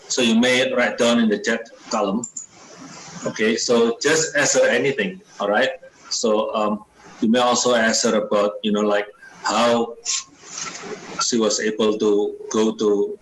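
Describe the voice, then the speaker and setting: A man's voice: medium pitch, fairly bright tone. A man moderating a webinar, loose and full of fillers as he invites questions. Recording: echoey room with faint hiss.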